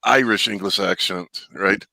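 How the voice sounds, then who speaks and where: Low, bright-voiced man in casual chat. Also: a little slow, creaky, no room sound, low-quality recording. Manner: rambling, stammering restarts.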